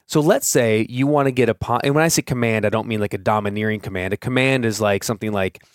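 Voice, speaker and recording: A man's voice: fairly low pitch, fast talker, dry recording, studio quality. A man in his thirties hosting a solo podcast, talking casually and thinking aloud with fillers and restarts. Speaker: podcast host.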